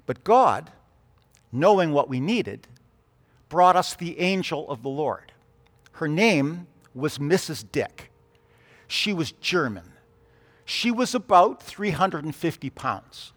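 A man preaching a sermon, telling stories and moving between hushed and emphatic delivery. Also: on the high side, very animated, takes it slowly, pauses often, in a large hall. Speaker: pastor.

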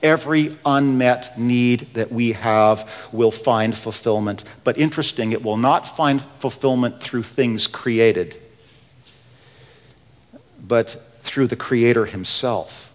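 A man preaching a sermon as pastor, his voice climbing with passion and then dropping to a hushed tone. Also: mid-range voice, slow, big-room sound.

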